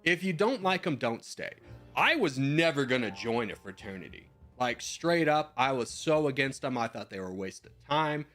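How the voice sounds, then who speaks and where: A man's voice: mid-range voice, big pitch swings, normal speed, a bit bright, faint music behind. A man in his twenties, a streamer in casual chat, giving rambling advice with slang and the odd swear while answering viewer messages.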